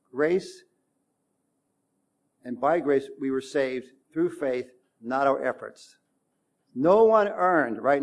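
A male pastor giving a sermon in a relaxed, talky way. His voice sits in a middle register. He reads verses aloud and leans hard on the emphatic lines. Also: mid-range voice. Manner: conversational preaching with emphatic bursts.

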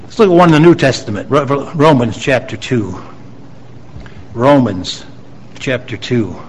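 A man's voice: medium pitch, big pitch swings, measured pace, a little mellow, a little hiss or hum, low-quality recording. A man preaching a sermon to his congregation, reading scripture aloud and stressing key lines with rising emphasis. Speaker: pastor.

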